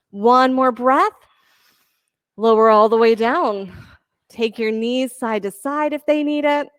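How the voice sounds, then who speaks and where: Yoga teacher lady, slow unhurried cues, dry close sound, encouraging. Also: on the high side, clean tone, no echo. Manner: steady counting cues, encouraging. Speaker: yoga instructor. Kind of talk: leading a live yoga class.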